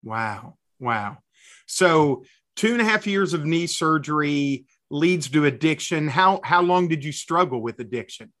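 A male podcast host with a bright, forceful tone and a somewhat raised pitch. He reacts enthusiastically, stumbles over repeated words, and leans into a casual, preacherly manner. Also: animated, measured pace. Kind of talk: casual faith interview.

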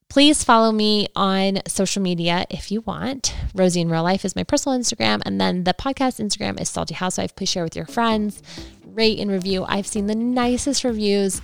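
A woman's voice: mid-range voice, creaky, clean tone, no echo, clean studio sound. A young adult woman hosting a solo recap podcast, chatting casually, opinionated and rambling with lots of fillers. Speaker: podcast host.

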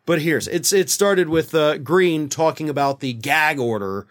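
A man's voice: a little high, measured pace, a bit bright. A man hosting a political commentary show, talking in a sarcastic, indignant and mocking way.

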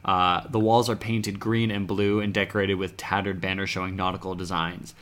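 A man's voice: low voice, level tone, moderate pace, fairly bright tone. A man running a tabletop game as game master, narrating in a laid-back, rambling way with many fillers.

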